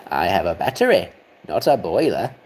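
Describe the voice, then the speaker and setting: A man voicing a fussy, exasperated male electric toy engine, scolding in a slow, drawn-out way during a livestream impression. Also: deep voice, sing-song, darkish tone, a little hiss or hum, voice pushed down. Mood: indignant.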